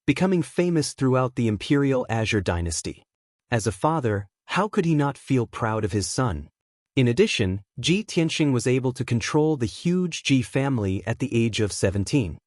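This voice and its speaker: A man narrating an audiobook in a steady, even manner. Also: mid-range voice, no room sound, clean studio sound. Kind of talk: scripted narration.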